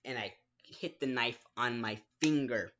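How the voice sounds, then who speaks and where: A man's voice: medium pitch, measured pace, a bit bright, dull audio, slight background noise. A man telling a personal story in a casual, rambling way, restarting sentences, making his own mouth sound effects and often apologizing. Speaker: gaming vlogger.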